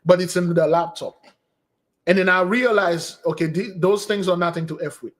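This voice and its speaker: A man hosting a spiritual channel, telling rambling personal stories in a casual, animated way and answering viewer questions, often restarting sentences and jumping up in pitch to quote women. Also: moderate pace. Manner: jumps to a higher voice when quoting women. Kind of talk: casual storytelling and Q&A stream.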